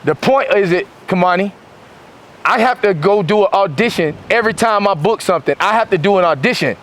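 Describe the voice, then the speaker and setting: High-voiced, preachy motivational speaker man. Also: lively intonation, fairly quick, fairly bright tone. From Florida, USA. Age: 40s. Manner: preachy and emphatic, with rhymes and street slang. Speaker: motivational speaker to a football team. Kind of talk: motivational speech.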